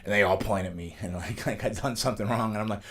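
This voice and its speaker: Fast-talking middle-aged man telling stories. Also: on the low side, fairly bright tone. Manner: fast, rambling storytelling with frequent restarts and laughs. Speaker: guest, pro wrestler. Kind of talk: casual storytelling interview. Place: studio.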